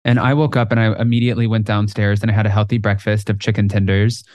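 A man's voice: on the low side, fast talker, no echo. Podcast guy, dry close mic, acts out everyone in his stories. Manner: animated storyteller, acts out quotes. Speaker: podcast co-host. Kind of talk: casual chat.

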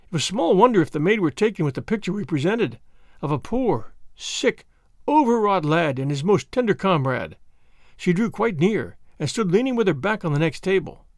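A man narrating a classic adventure novel as an audiobook, measured and expressive. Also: sits high, no echo, clean studio sound.

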